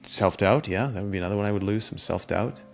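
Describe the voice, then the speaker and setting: A man's voice: on the low side, fast talker, vocal fry. A man co-hosting a casual coaching chat, answering reflectively and hesitantly, with many fillers. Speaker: co-host.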